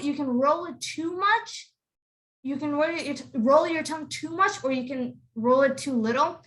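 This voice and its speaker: This online pronunciation lesson for children is led by a young female accent tutor with a high voice and a fairly bright tone. She explains things patiently and says model words again and again.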